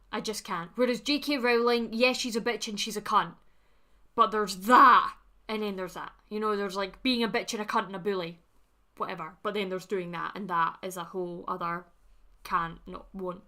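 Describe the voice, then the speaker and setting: A young woman talks casually to her livestream viewers. Her voice is bright and forward, and she is blunt and chatty, laughing easily and swearing freely as she replies to chat. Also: mid-range voice. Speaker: livestream host reading chat.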